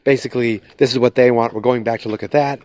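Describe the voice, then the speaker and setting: A man hosting a podcast, recapping a TV episode in a loose, rambling way and acting out quick quotes, recorded on a phone outdoors at night. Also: mid-range voice, fairly even intonation, a little mellow, dry recording. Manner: rambling, retells scenes with quick quoted voices. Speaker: podcast host. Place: outdoors at night, fireworks nearby.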